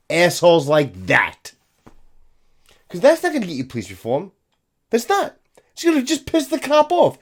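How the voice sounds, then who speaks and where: A man, a police officer giving a profane, scornful ranting commentary. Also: high voice.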